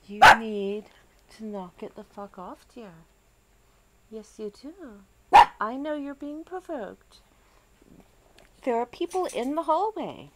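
Slow, calm woman streaming a game. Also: medium pitch, very noisy. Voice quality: calm, soothing voice. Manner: drifts between chatting to viewers and fussing at her dog. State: groggy after a headache. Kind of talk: casual live-stream gameplay chat.

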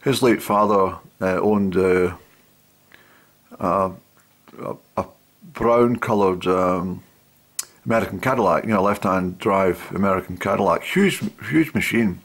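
A middle-aged man telling old stories to a camera, rambling with lots of pauses and fillers. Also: sits low. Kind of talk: casual storytelling to camera.

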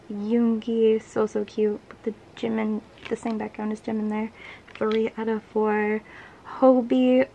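An excitable young-sounding woman gushes through a casual unboxing, her voice at an ordinary middle pitch. She swings between bright squeals and hushed whispers. A faint hiss sits under the recording. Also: low-quality recording. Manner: gushing and excitable, often dropping into whispers. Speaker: vlogger unboxing photocards.

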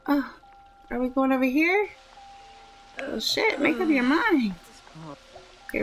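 A woman's voice: high-pitched, expressive, slow pace, pauses often, faint music behind, rough recording. A woman giving casual, chatty commentary while playing a life-simulation game, full of fillers and giggles. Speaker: gaming youtuber.

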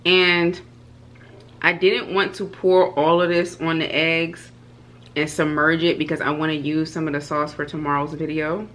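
A woman food vlogger chatting casually and excitedly to her viewers while she eats at home. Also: low-pitched, a little slow, slight background noise. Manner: excitable, chatty, addresses viewers as "you guys". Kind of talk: casual eating vlog.

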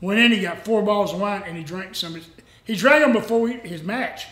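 A man's voice: high-pitched, fairly quick, fairly bright tone, roomy sound, a little hiss or hum, low-quality recording. A man, a retired wrestler telling rambling, salty stories with frequent laughs. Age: 60s. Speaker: retired pro wrestler, guest. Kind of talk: casual storytelling.

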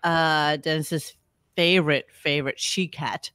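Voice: mid-range voice, fairly even intonation, bright, forceful tone, clean tone, no room sound. Podcast host, rambling casual chat, plenty of fillers, dry close mic. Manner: rambling, halting with fillers and restarts.

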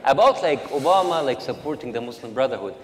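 A man's voice: medium pitch, lively intonation, quick pace. A man from Egypt arguing emotionally on a debate panel, restarting often and stacking up fillers. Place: large event hall with audience. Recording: large echoing hall with crowd noise.

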